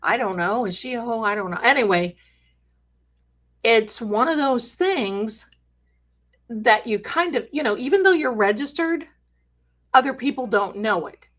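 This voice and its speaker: A woman's voice: a little high, expressive, unhurried, pauses often, a bit bright. A middle-aged woman hosting a live stream, telling a story in a chatty, dramatic way with jokey asides. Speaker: host.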